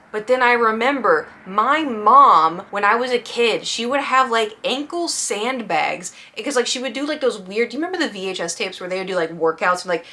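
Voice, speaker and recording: A young woman telling a storytime vlog in a chatty, animated way, full of "like" and asides. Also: medium pitch, fast talker, few pauses. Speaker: vlogger.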